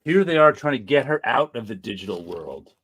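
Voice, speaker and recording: A man's voice: mid-range voice, big pitch swings, fairly quick, a bit bright, husky, dry recording. A man hosting a casual podcast chat about comics, talkative, laughing often and teasing his guests. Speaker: podcast host.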